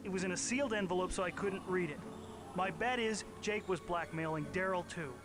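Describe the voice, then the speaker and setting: A man's voice: high voice, brisk, noisy background, lightly acted. An actor playing a young male football player in a video game, speaking bluntly and matter-of-factly. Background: game music.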